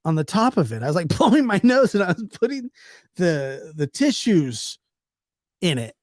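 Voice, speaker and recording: A man voicing a sloppy young male employee who is sheepish and unfazed, speaking in a flat, offhand, matter-of-fact way. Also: a little high, slow pace, no echo, studio quality. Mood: rambling.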